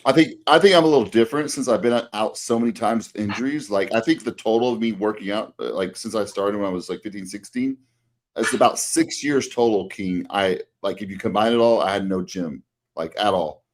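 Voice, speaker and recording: A man's voice: on the low side, a little fast, slight background noise. A middle-aged man and fitness coach, co-hosting a casual podcast chat, rambling with many fillers and restarts.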